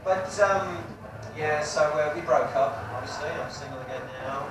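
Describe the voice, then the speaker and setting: A man's voice: fairly high pitch, normal speed. A man doing a stand-up comedy set in front of a live audience, chatty and crude and teasing the crowd. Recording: echoey live room, distant mic, audience noise.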